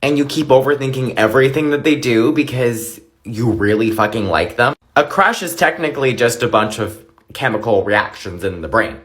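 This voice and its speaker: A man's voice: mid-range voice, normal speed, a bit bright. A young man delivering a profane, exaggerated comedic rant monologue.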